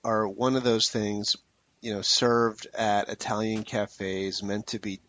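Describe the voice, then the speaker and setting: Wry low-voiced male interviewer. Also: little pitch movement, takes it slowly, a bit bright, muffled recording. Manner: vivid, descriptive, wry. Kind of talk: interview conversation.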